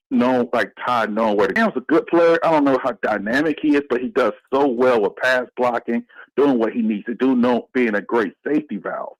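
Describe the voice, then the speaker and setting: Male radio caller, mid-pitched, opinionated and chatty, dry sound. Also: no room sound, low-quality recording. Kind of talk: call-in sports commentary.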